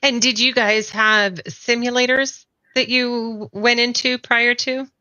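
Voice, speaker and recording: A woman's voice: a little high, steady tone, measured pace, pushed and bright, no room sound. A middle-aged woman hosting an interview, chatty and rambling as she asks her questions. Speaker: interview host. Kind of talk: conversational interview.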